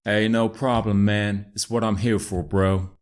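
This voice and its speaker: A man's voice: fairly low pitch, measured pace, natural voice. Chad, a man putting on an American bro. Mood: upbeat. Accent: put-on American. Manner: slangy, excitable, calls everyone dude and bro. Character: laid-back young American bro named Chad.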